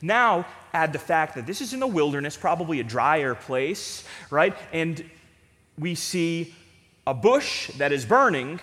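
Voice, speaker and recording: A man's voice: on the high side, lively intonation, a little slow, fairly bright tone. A man preaching a sermon as pastor in a church, earnest and pleading, with repeated emphasis. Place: church sanctuary with a congregation. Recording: long reverb of a church hall.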